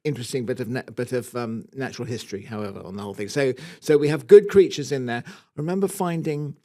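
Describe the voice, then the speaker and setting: A man's voice: medium pitch, quick pace, dark tone. Chatty Scottish man, gardening co-host. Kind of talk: casual chat.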